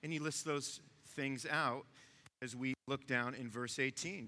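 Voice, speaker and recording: A man's voice: medium pitch, steady tone, measured pace, sharp tone, in a large hall. A man preaching a sermon in a conversational way, talking straight to his listeners. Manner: conversational, asks the room to follow along. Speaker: pastor.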